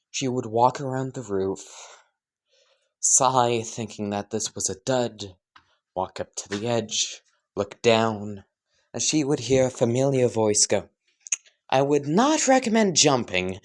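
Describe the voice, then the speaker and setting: Slow rambling male storyteller. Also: medium pitch, a little mellow. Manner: slow, rambling, full of fillers and swearing. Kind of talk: casual improvised fan-fiction narration.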